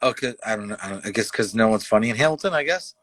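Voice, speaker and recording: A man's voice: on the low side, animated, very fast, a bit bright, no echo. A man from Canada, a comedian guest, telling a rambling, profane story in casual chat and acting out the quotes heatedly. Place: livestream talk show.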